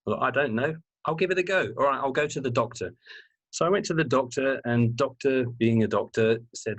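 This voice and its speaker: A man talks earnestly as an interview guest, recounting his own past with animated energy. He repeats words for emphasis and lets the odd swear word slip. His voice sits at an ordinary middle pitch. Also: normal speed, husky. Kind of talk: candid personal storytelling.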